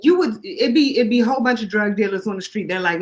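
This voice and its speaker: A woman co-hosting a podcast, telling stories in a lively, slangy, casual way. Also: mid-range voice, fast, few pauses. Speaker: podcast co-host. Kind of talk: casual chat.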